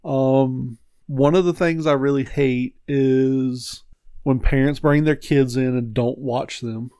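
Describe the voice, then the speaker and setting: A man's voice: mid-range voice, steady tone, takes it slowly, dark tone, clear, resonant tone, no echo, clean studio sound. A man co-hosting a casual podcast, ranting about his store's customers and swearing freely. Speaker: podcast co-host, game store owner. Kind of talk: casual chat.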